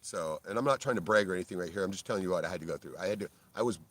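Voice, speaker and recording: A middle-aged man telling a rambling personal story in a blunt, heavily profane way, ending many phrases with "right?" and flaring up loudly at times. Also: sits low, very fast. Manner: gets loud and worked up in bursts. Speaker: video creator.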